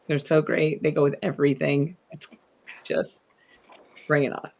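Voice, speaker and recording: A man's voice: fairly high pitch, flat delivery, normal speed, vocal fry. A man co-hosting a sewing livestream in easygoing, agreeable casual chat. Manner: easygoing, agreeable, soft-spoken. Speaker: co-host.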